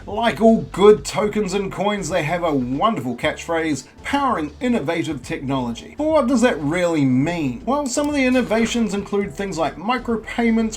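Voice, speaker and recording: A man's voice: sits high, darkish tone. A man hosting a crypto channel, explaining in a chatty, casual way with rhetorical questions and jokey self-mocking asides.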